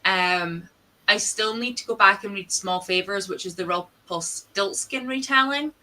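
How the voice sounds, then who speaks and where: A woman's voice: medium pitch, measured pace, sharp tone, poor audio. A young Scottish woman hosting a livestream, chatting casually with friends and reading out viewer comments. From Scotland. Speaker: livestream host.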